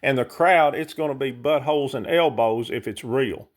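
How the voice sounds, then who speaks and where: A man's voice: medium pitch, normal speed. A man delivering a heated, impassioned monologue straight to his viewers. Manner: heated, ranting, speaks directly to viewers. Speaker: vlogger.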